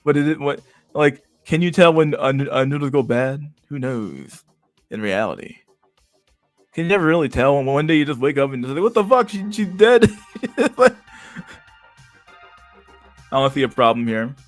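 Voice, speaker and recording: Dude streaming, reading comments, stammers and rambles, dry close sound. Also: male voice, medium pitch, fairly quick, no echo, soft background music. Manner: rambling, stammering, laughs a lot.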